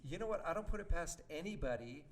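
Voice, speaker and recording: A man's voice: fairly high pitch, expressive, fast. A man hosting a talk radio show who asks his guest direct, probing questions. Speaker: host.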